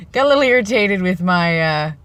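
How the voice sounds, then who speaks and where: A man's voice: high-pitched, fairly bright tone, no echo. A man talking in a casual vlog monologue, rambling and sarcastic. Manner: rambling, self-described sarcastic joker. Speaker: vlogger.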